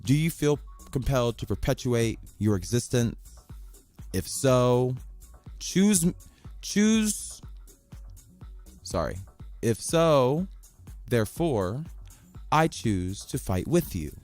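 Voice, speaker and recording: A male podcast host talking off the cuff in a mid-range voice, sassy and loose with his swearing. His pitch leaps high and drops low as he plays around, and soft music sits faintly underneath. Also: lively intonation, takes it slowly, long pauses. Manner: sassy, profane and playful, with big swings in pitch. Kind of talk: casual podcast monologue.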